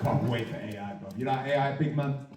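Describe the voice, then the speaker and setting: In a comedy club with a live audience, a man of medium pitch does a crude, rowdy stand-up set at a brisk clip, often laughing through his own lines. He's picked up from a distance in an echoey room, with background noise and a loud crowd.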